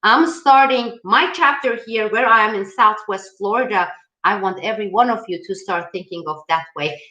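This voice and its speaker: A woman's voice: a little high, fairly bright tone, roomy sound, low-quality recording. A woman hosting a political channel, answering viewer questions in an emphatic, rallying way. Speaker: host of a political video channel. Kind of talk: live-style viewer Q&A.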